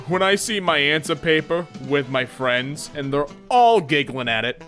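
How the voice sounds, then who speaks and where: Animated man voicing silly meme gags. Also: moderate pace, hardly any pauses, faint music behind. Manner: animated, jumps into squeaky silly voices. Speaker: meme reaction host. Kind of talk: casual comedic commentary with put-on character voices.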